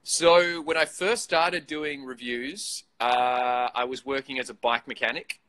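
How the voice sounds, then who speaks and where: A man's voice: mid-range voice, steady tone, unhurried, bright, forceful tone, poor audio. A man in his thirties with an Australian accent, chatting casually as an interview guest, swearing freely and laughing often. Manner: profane, laid-back, laughs often. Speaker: interview guest, vape reviewer. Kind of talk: casual chat.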